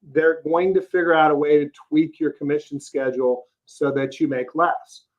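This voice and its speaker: A man's voice: on the high side, little pitch movement, moderate pace. Plain-spoken Texas man in his fifties telling stories. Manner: plain-spoken, folksy, lots of "uh" and "you know". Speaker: roofing company CEO, podcast guest. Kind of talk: casual interview storytelling. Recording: slightly dull, lo-fi podcast audio.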